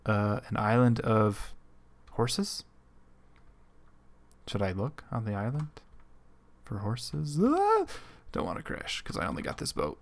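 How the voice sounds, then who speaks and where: Young male let's-play host, slightly low voice, rambling commentary with many ums, hiccups, typing heard behind. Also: a little slow, gravelly, long pauses. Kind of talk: casual gameplay commentary.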